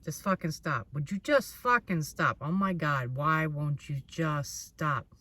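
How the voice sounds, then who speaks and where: Lady doing god as a fed-up guy, low slow voice, cussing, keeps saying stop. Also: fairly bright tone. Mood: exasperated. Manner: curses bluntly, repeats short orders. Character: angry fed-up male God, stern and profane. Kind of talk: casual tarot reading.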